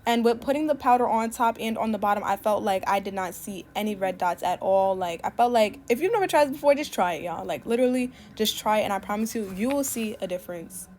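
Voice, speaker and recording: Young woman w/ chatting fast through a wig install voiceover, tons of "like"s, faint hiss in the background. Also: mid-range voice, lively intonation, darkish tone. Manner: chatty, fast, many "like" fillers. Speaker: beauty YouTuber. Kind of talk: casual voice-over tutorial. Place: home, voice-over recorded separately.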